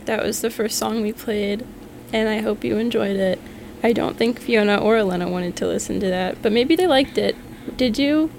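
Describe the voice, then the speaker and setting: A woman's voice: mid-range voice, moderate pace, gravelly, background noise. A young woman hosting a student radio show, chatting casually and teasing her friends. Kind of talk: casual chat.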